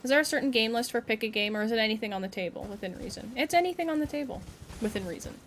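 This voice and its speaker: Higher-voiced giggly woman streamer. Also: animated, rapid-fire, fairly bright tone, a little hiss or hum. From Canada. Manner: chatty and giggly, greets viewers, reacts to the game. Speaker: game streamer. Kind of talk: casual live-stream chat while gaming.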